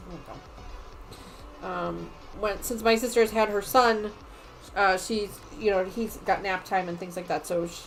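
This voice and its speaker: A middle-aged woman hosting a home quilting livestream, chatting casually and rambling, often trailing off into quiet muttering as she works. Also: medium pitch, a little hiss or hum, rough recording. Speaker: sewing livestream host. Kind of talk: casual chat while quilting.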